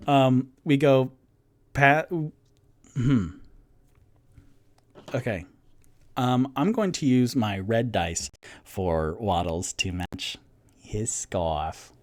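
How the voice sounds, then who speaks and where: Young guy running a solo tabletop game, excitable, rambly, giggly. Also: medium pitch, takes it slowly, pauses often. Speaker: game master and solo player.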